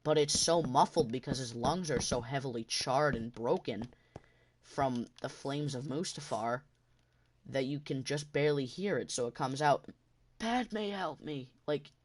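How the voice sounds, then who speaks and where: A man's voice: mid-range voice, moderate pace. A man hosting a gaming channel, talking in a casual rambling monologue while he plays, passionate and often restarting his sentences.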